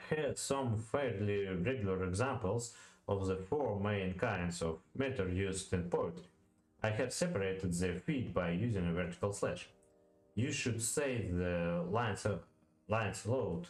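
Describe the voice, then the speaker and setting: A man's voice: low voice, a little mellow. A man who speaks Russian as his first language, working through a poetry lesson aloud. He hesitates a lot, with many fillers, restarts and repeated words. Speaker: language learner. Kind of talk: thinking-aloud study session. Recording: roomy echo, faint music behind.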